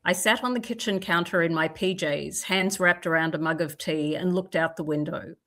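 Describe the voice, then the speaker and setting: Lady agent on a video call, lowish voice, chatty and self-deprecating, reading aloud. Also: moderate pace, a bit bright. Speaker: literary agent.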